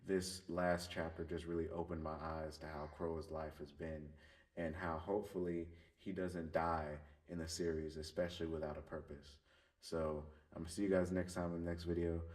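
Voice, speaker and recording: A man's voice: low-pitched, flat delivery, moderate pace, darkish tone. A man giving an earnest, opinionated commentary on a show in a casual vlog, apologetic and talking through restarts. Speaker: YouTuber discussing a show. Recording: distant mic with faint background music.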